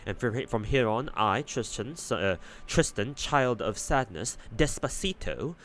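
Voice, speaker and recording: A man voicing a melancholy, courteous knight archer in a visual-novel read-through, speaking slowly and quietly. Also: mid-range voice, animated, slight background noise. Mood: subdued. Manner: slow, subdued, courteous. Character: melancholy gentle knight archer, soft-spoken.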